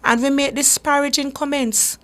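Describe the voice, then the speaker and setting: A woman's voice: high-pitched, fairly even intonation, normal speed, fairly bright tone. A woman hosting a radio talk show, speaking earnestly and emphatically, often repeating words as she gathers her thoughts. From Jamaica. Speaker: radio show host for a human rights group.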